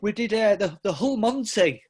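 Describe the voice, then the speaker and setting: A middle-aged Englishman with a high-pitched, husky, expressive voice tells stories at a moderate pace as a casual podcast guest. He rambles and cuts himself off with many restarts and fillers, laughing often.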